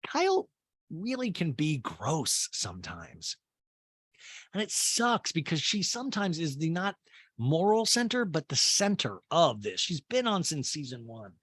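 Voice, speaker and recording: A man hosts a comedy recap podcast, tossing out swear words and laughing at his own jokes. His pitch leaps all over the place as he mocks the cast. The sound is close and dry, with no room echo. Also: very animated, unhurried, fairly bright tone, husky. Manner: campy, acts out cast members in high mocking voices. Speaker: podcast host.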